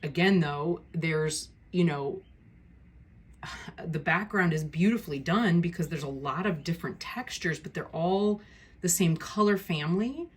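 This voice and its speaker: A woman with a husky, slightly breathy voice that sits on the low side. She talks casually through a tarot deck, frank and quick to show frustration, trailing into ums and restarts. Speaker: tarot video creator.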